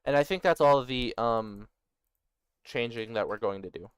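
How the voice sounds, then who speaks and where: Smooth-voiced man thinking aloud. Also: medium pitch, moderate pace, no room sound, clean studio sound. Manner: muttering, self-deprecating, reads notes aloud in bursts. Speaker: worldbuilder designing a conlang. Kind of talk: thinking aloud while working on screen.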